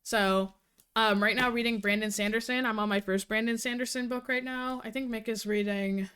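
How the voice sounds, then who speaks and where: A woman livestreaming casual chat with her viewers, talking fast and cursing freely, a little out of breath. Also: a little high, fairly even intonation, a bit bright, smooth. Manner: fast-talking, profane, giggly. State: slightly out of breath. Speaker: livestreamer reviewing books.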